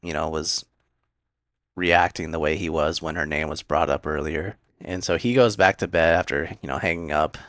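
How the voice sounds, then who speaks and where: A young man casually retelling an anime episode in a rambling, filler-heavy way, slipping into quick voices for the characters. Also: a bass voice, fairly bright tone, no room sound, clean studio sound. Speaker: anime recap host.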